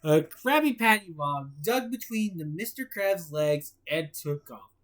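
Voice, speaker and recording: A woman's voice: lowish voice, animated, unhurried. A woman hosting a casual storytime, reading a storybook and chatting in a giggly, rambling way. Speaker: storytime host and reader.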